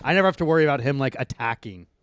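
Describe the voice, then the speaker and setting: A man's voice: mid-range voice, lively intonation, racing, a bit bright, a little hiss or hum. A young man co-hosting a podcast, riffing in a crude, profane way full of fillers. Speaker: podcast co-host. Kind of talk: crude casual chat.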